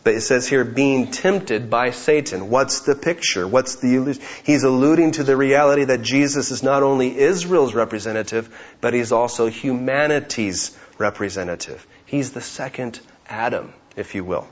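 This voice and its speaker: A man's voice: medium pitch, normal speed, hardly any pauses, lo-fi sound. A man preaching an expository sermon, who keeps asking rhetorical questions and acts out the voices of the people in the story.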